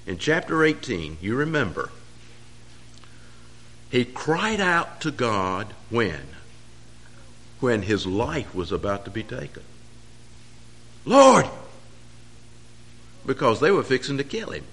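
A man preaching a sermon, pressing key phrases harder and louder as he drives each point home. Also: mid-range voice, very animated, a little slow, long pauses.

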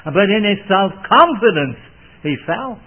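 A man's voice: high voice, very animated, unhurried, breathy edge. A man preaching a sermon in an earnest, old-fashioned manner, swelling and dropping for emphasis. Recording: tinny phone-like band.

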